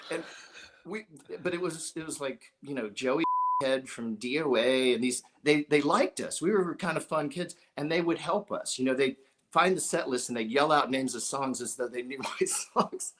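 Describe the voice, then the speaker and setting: A middle-aged man from Ohio, a musician as an interview guest, telling stories animatedly, acting out the voices of the people he quotes and chuckling often. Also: medium pitch. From Dayton, Ohio. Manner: animated storyteller who acts out quoted voices, with frequent chuckles. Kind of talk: storytelling in a conversational interview.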